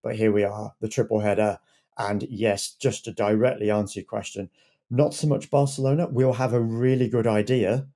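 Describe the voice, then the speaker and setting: A man's voice: fairly low pitch, steady tone, normal speed, dark tone. A man who is a lead editor and podcast regular, chatting casually and rambling a little with repeated words.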